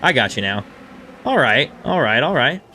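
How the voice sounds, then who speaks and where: A man in his thirties streaming a game and chatting with his viewers in a casual, self-deprecating way, with quiet music underneath. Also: mid-range voice, very animated, normal speed. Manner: chatty and self-deprecating, reading chat aloud. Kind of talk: casual live-stream chat over gameplay.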